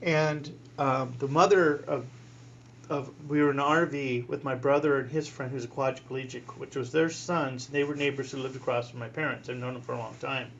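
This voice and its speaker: A man in his sixties, a priest, telling a personal story in an interview, animated, acting out voices and laughing often. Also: mid-range voice, moderate pace, highs cut off, slight background noise.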